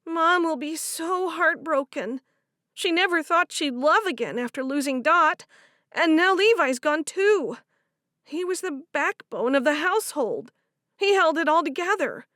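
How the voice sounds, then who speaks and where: Brief: grieving young woman, read by a female narrator, high, strained, animated, dry booth. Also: a little slow, dry recording, heavily acted. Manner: high and loud, choked with distress. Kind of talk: audiobook character voice.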